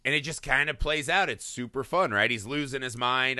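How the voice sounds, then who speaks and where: A man co-hosting a casual movie review chat, talking in an animated way, acting out lines from scenes, laughing often and swearing. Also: medium pitch, normal speed, no echo, studio quality. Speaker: podcast co-host.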